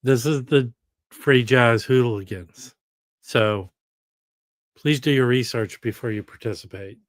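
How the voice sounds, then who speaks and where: A man's voice: mid-range voice, measured pace, dry recording. A man hosting a casual live stream alone, rambling and chatty as he reads out viewer comments.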